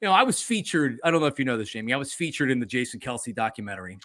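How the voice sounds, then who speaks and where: Racing through his words in a mid-range voice, a man who used to host sports radio runs a laid-back sports podcast. He tells stories with energy, performs quotes in character, and leans on fillers. The recording is dry.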